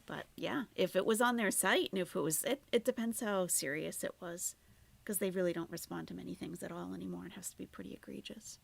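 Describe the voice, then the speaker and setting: A woman's voice: lowish voice, brisk, vocal fry. A woman doing casual live-stream commentary, chatty and trailing off, sometimes dropping to near-whispers. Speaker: commentary streamer reacting to a video.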